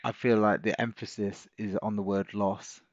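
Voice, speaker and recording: A man's voice: fairly low pitch, flat delivery, moderate pace, dry recording, lo-fi sound. A middle-aged man, hosting a live stream as a trading coach, chatting casually and encouraging viewers as he reads out their comments.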